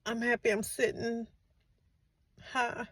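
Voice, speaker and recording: A woman in her forties, a grieving mother who hosts a channel, speaks softly and with emotion in a heartfelt faith-based vlog, tearful from crying and repeating phrases to comfort her listeners. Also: a little high, flat delivery, takes it slowly, slightly rough, dry recording. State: tearful, has been crying.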